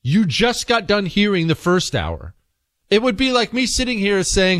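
A man's voice: high voice, lively intonation, normal speed, a bit bright, no echo. A man hosting a radio talk show, delivering an opinionated monologue in an incredulous, emphatic, rambling way.

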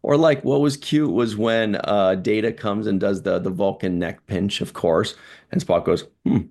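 A man with a low, gravelly voice chats casually as a podcast co-host. He rambles a little and drops playful asides. His tone stays relaxed and conversational. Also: normal speed. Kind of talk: casual chat.

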